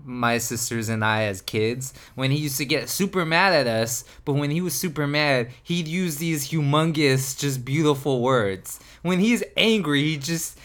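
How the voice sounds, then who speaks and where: A man from Colorado co-hosting a podcast in casual chat, who talks relaxed and enunciates carefully. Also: a little high, a little slow, few pauses. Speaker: podcast co-host.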